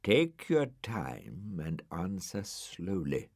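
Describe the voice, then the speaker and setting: A cold, grumpy male dog from a storybook, speaking slowly in a clipped, withering way, as a male narrator puts him on. The voice sits low and is recorded close and dry. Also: expressive, a little mellow, no room sound, heavily acted.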